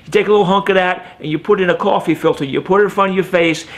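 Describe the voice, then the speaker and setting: A man's voice: high-pitched, racing. A comedian playing a brash, rambling local man from New Orleans who gives advice over the phone, with a New Orleans accent. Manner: brash, rambling phone patter with "okay?" tags. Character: fast-talking local man giving tips on the phone. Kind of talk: live one-man stand-up sketch.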